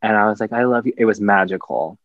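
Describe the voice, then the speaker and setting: A young man co-hosting a podcast in casual chat, expressive and dramatic as he tells stories. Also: no echo. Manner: expressive, dramatic storytelling, quick swings into high voices. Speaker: podcast co-host. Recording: dull lo-fi dry sound.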